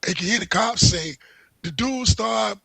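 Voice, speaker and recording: A man co-hosting a livestream, telling profane stories in an animated way and laughing often. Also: high voice, normal speed, creaky, breathy edge, dry recording. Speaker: livestream co-host. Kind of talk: casual chat.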